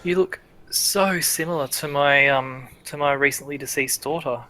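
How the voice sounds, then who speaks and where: A man voicing a flattering, deceitful male noble businessman who talks in a courtly, hesitant way. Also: fairly high pitch, normal speed, poor audio. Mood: smooth flattery. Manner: courtly, hesitant with many ums.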